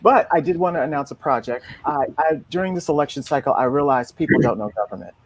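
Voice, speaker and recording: A man speaking as a guest on a casual group livestream, animated and blunt, often repeating himself. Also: fairly high pitch, fast, slightly rough. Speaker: political commentator guest.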